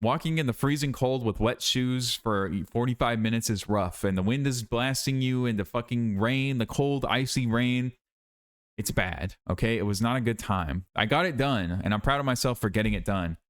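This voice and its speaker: A man's voice: mid-range voice, moderate pace. A tired young man rambling in a casual vlog monologue, self-critical and repeating himself. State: tired, worn out. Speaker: YouTuber.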